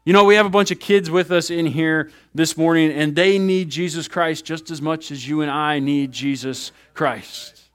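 A man in his thirties, a pastor giving a sermon in an animated, conversational way, acting out little asides. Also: a little high, normal speed, smooth.

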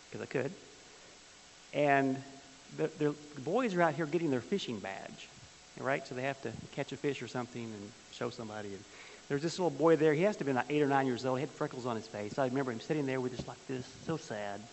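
Folksy man teaching in an echoing hall. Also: mid-range voice. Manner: folksy, jokey, asks the class questions. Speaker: Bible class teacher. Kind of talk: church teaching with stories. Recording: hissy, long-reverb hall.

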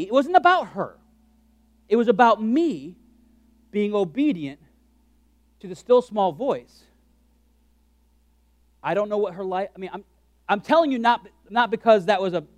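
A man preaching a sermon as pastor, animated and joking, acting out his own thoughts in quick asides. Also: high-pitched, no echo.

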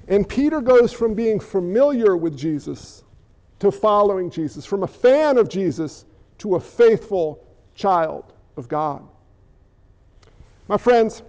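A middle-aged male pastor preaching a sermon, animated and humorous, acting out quotes. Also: high voice, low-quality recording.

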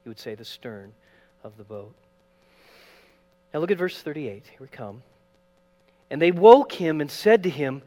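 A man preaching a sermon, dramatic, shifting from loud acted quotes to hushed asides. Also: a little high, very animated, a little slow, long pauses. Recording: long reverb of a large hall, faint mains hum.

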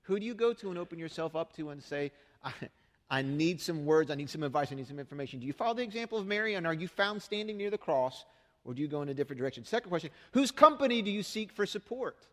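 A man's voice: a little high, expressive, rapid-fire, in a large hall. A middle-aged man preaching a sermon as pastor, speaking conversationally and asking the congregation rhetorical questions. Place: church sanctuary.

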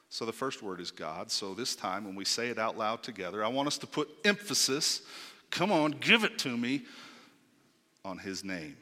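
Guy preaching, big emphatic swings soft to loud, bright sharp voice, echoey sanctuary. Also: on the low side. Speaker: pastor. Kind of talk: sermon. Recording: long hall reverb.

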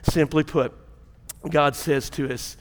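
A man's voice: fairly high pitch, steady tone, takes it slowly, long reverb tail, a little hiss or hum. A man with a Mississippi Southern accent preaching a sermon as pastor, fervent and folksy, with colloquial speech.

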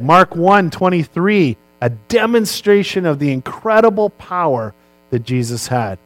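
A man's voice: high-pitched, very animated, a little slow, fairly bright tone, no echo, rough recording. A male pastor giving a sermon in a conversational way, posing rhetorical questions and answering them himself.

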